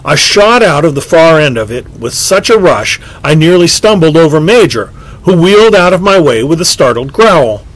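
Narrating a scripted story at a moderate pace, this male audiobook reader sounds lively and expressive. His voice sits fairly high for a man and swings widely in pitch through each sentence, though the recording is rough.

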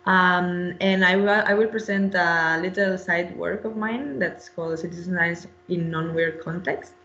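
A woman's voice: lowish voice, steady tone, a little slow, sharp tone, echoey room, muffled recording. A woman researcher presenting in a webinar, speaking hesitantly with many fillers and restarts.

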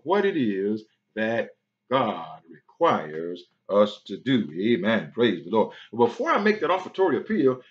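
Preacher guy doing church notices, amen after every line, kinda muffled lo-fi stream sound. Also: medium pitch. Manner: punctuates with frequent amens and praise the Lords; breaks into singing. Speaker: pastor. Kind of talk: church announcements and sermon.

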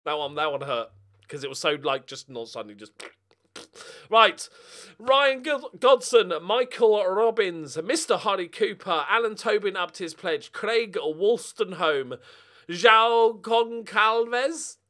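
A man giving casual commentary over a football management game, muttering and then bursting out in loud swearing. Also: high-pitched, animated, a little slow. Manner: swears a lot, swings from mutters to angry outbursts. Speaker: gaming YouTuber.

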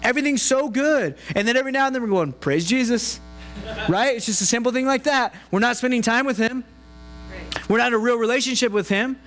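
Man, high voice, pastor preaching, conversational, acts out quoted prayers, faint hum behind. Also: fast talker, a bit bright, rough recording. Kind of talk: sermon. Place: church sanctuary.

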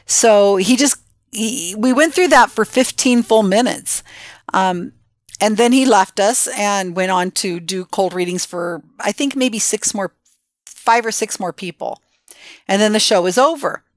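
A woman's voice: medium pitch, measured pace, no room sound. Woman telling a story, dry close sound. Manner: animated retelling with acted quotes. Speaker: interviewee. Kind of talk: casual storytelling interview.

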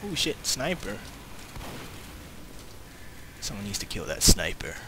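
A young man giving live commentary over an online shooter game, excitable, swearing often and yelping in panic. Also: on the low side, takes it slowly, noisy background. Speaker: gamer.

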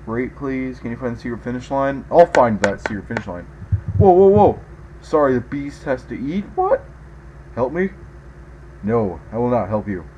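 A man giving let's play commentary as a gaming video host, excitable, yelping and groaning at every mishap. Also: medium pitch, normal speed, dull audio, slight background noise.

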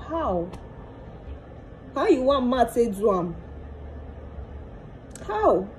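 A woman's voice: a little high, very animated, drawn-out words, a little hiss or hum, low-quality recording. A young woman with a Nigerian accent, pouring out her hurt in a tearful monologue to camera, mixing Pidgin and Yoruba and repeating pleading questions. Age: young adult. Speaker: vlogger.

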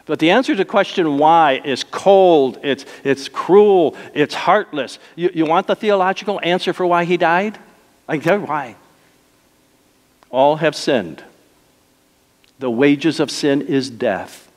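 A male pastor preaching a sermon, moving between soft, slow lines and emphatic, raised ones. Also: fairly high pitch. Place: church sanctuary. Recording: long reverb of a church hall.

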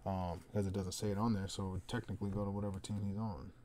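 A man hosting a card break, casually calling out players with slangy, excited remarks and muttered asides. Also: low voice, rapid-fire, slight background noise. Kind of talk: casual card-opening commentary.

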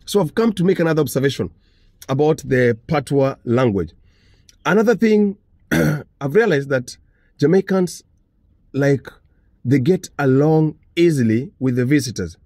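Casting: man from Africa, husky and dark-toned, fairly high pitch, earnest casual commentator. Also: animated, unhurried, no room sound, clean studio sound. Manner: earnest, repeats his points.

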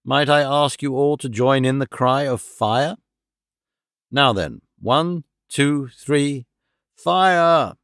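A man doing a calm, amused master detective. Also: medium pitch, slow pace, no room sound, studio quality. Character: calm, clever, theatrical male detective. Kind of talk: audiobook character reading.

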